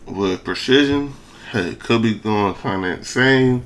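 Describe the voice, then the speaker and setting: Here a gaming video creator, a young man, offers laid-back commentary over a game at a measured pace. His medium-pitched voice is a bit bright. The talk is excited and full of slang, with a lisp, slurred words and recurring phrases.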